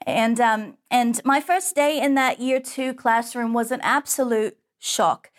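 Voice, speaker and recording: A woman's voice: a little high, unhurried. A woman preaching a sermon, telling a personal story in an earnest, storytelling way.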